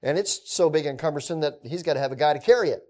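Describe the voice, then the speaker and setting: Guy teaching scripture, chatty and laid back, sorta high voice. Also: quick pace. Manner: relaxed, chatty asides. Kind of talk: conversational Bible teaching.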